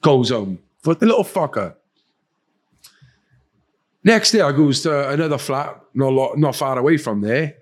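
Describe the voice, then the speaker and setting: Guesting on a podcast, a man with an expressive mid-range voice speaks at normal speed with long pauses. He recounts his own experiences candidly and bluntly, swearing heavily and voicing the people he quotes.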